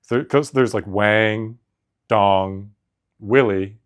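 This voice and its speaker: Drawn-out words and a lowish voice mark this male podcast co-host. He rambles through stories in casual conversation, laughing a lot and leaning on "like" to fill the gaps.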